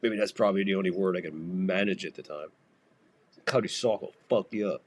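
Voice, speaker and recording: A man from the United States gives casual live baseball commentary on his own podcast. His voice sits low. He swears freely and wanders off into jokes and tangents. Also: a little fast, a little mellow, a little hiss or hum. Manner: profane, rambling, jokey. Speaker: podcast host calling a baseball game.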